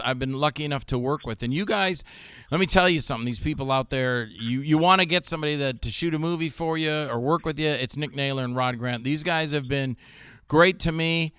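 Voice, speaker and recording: A man hosting a casual talk show, telling animated stories and acting out what others said. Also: medium pitch, clean tone, no room sound, studio quality. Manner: animated storyteller, acts out quotes of others. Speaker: show host. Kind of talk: casual chat with jokey impressions.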